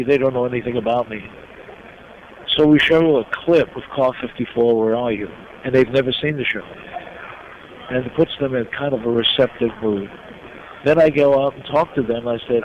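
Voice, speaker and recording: An older man from New York, a guest in an interview, telling his life story slowly and with emotion. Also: medium pitch. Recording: dull lo-fi recording with noise.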